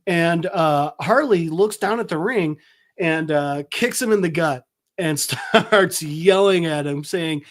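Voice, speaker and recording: Man, podcast host, casual comic recap, high voice, rambling with fillers. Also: slow. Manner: rambling, with lots of fillers and acted-out quotes.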